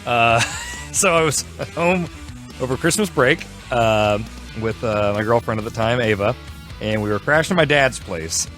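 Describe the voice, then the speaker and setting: A young man co-hosting a podcast, telling a story in a casual, animated way, laughing often. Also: medium pitch, soft background music. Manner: animated, laughing, quick shifts into quoted voices. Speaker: podcast co-host.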